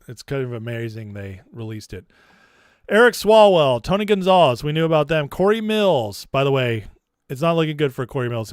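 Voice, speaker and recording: Brief: opinionated male vlog host, smooth voice, dry close sound. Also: fairly high pitch, no echo. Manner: chatty, opinionated, offhand. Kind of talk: political commentary vlog.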